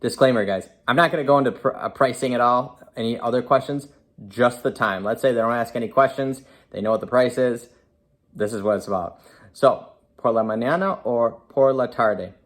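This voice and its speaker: A man's voice: medium pitch, a little fast, fairly bright tone. A young man, a chiropractor and native English speaker, giving a casual beginner lesson in a chatty, step-by-step way, now and then correcting himself mid-sentence. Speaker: chiropractor teaching Spanish.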